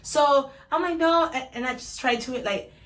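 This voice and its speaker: A woman's voice: high-pitched, expressive, moderate pace, fairly bright tone. A young woman from Puerto Rico with an Atlanta-style American accent, talking in an upbeat, chatty way with lots of likes. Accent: American, Atlanta-influenced. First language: Spanish. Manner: upbeat, chatty, says like a lot. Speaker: vlogger. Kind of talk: casual vlog.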